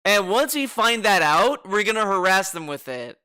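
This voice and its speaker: A man's voice: high voice, very animated, normal speed, pushed and bright, clear, resonant tone. A man streaming, commenting on clips in a mocking, sarcastic way. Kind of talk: casual commentary.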